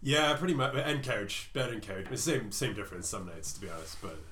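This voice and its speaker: Bright-voiced, laughing male podcast co-host. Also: fairly low pitch, brisk, slight background noise. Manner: animated, laughs often. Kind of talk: casual chat. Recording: echoey room.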